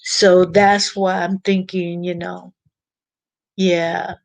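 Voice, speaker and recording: Slow-talking woman chatting on a livestream. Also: on the low side, little pitch movement, creaky, dry recording. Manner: chatty, halting, repeats words while reading chat. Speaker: YouTube livestream host. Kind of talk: casual livestream chat.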